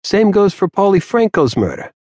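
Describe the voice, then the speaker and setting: A man's voice: sits high, wildly swooping pitch, moderate pace, a little mellow, no room sound, studio quality, pitched above the performer's own voice, full character voice. A man voicing a joking, somewhat nervous male police detective. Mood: earnest. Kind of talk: audiobook character voice.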